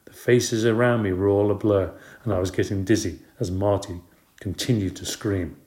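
A man reads a children's storybook aloud in a low voice. His reading is steady and expressive. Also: normal speed. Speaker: audiobook narrator. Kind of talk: storybook narration.

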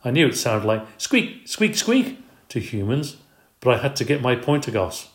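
A man reading a children's book aloud in a steady, expressive way. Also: mid-range voice, fairly quick. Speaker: storyteller. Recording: roomy echo.

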